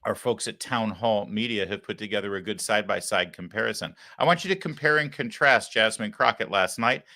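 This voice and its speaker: A man's voice: fairly low pitch, a little fast, pushed and bright. A man hosting a live political commentary show, talking in a sarcastic, mocking, conversational way. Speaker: talk show host.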